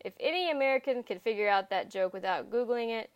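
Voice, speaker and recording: A woman's voice: fairly high pitch, expressive, quick pace, dull audio. A woman co-hosting a podcast in a casual, rambling and giggly way. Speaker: podcast co-host.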